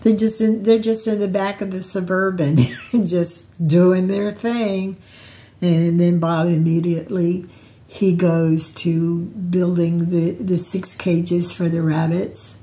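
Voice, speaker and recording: A woman's voice: fairly low pitch, fairly even intonation, takes it slowly, mellow. An older woman telling personal stories in a rambling, reflective vlog, often restarting her sentences. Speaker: vlogger.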